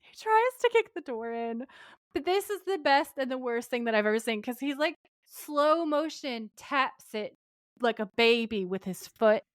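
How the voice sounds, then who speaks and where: A woman's voice: high-pitched, moderate pace, dry recording, studio quality. A woman co-hosting a podcast, recapping an episode in casual chat and acting out characters' lines. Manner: animated, quoting characters in voices. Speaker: podcast co-host.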